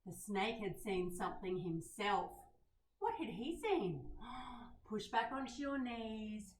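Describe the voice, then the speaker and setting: A woman leading a children's yoga lesson in a gentle, coaxing way, asking the kids questions as she guides them. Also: mid-range voice, unhurried. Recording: roomy sound from a distant mic.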